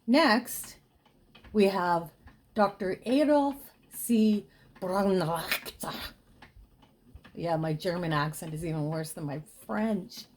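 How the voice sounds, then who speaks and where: A woman casually telling a gruesome true ghost story, dropping to a hush for the grisly details. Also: medium pitch. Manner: chatty with dramatic hushed dips.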